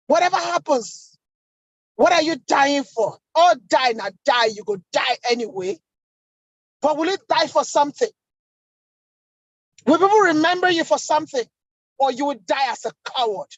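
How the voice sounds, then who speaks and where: A woman's voice: high voice, no echo, poor audio. A Nigerian woman giving an angry, impassioned speech at an online protest, full of rhetorical questions. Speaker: protest speaker. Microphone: video call.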